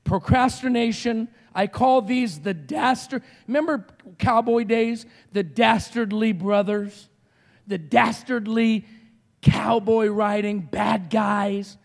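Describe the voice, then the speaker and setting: A middle-aged man preaches as a guest speaker, his voice high for a man and gravelly. He tells stories with animated energy and bursts into shouts. The sound carries a long reverb, like a large church. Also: slow pace. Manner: animated storytelling, shouting quoted screams. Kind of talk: sermon.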